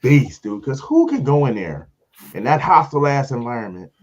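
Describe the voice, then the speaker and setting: A man, a comedian hosting a casual show and telling a story, acting out other people in high voices. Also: brisk, muffled recording, a little hiss or hum. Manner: animated storyteller, acts out voices in high pitch.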